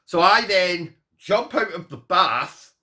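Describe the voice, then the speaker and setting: A man chats to camera, spinning a comic personal story with a bright, forward tone. His pitch swings up and down as he rambles through asides, poking fun at himself. He sounds like a casual vlogger talking to his viewers. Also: takes it slowly. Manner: animated, self-mocking, rambling with asides.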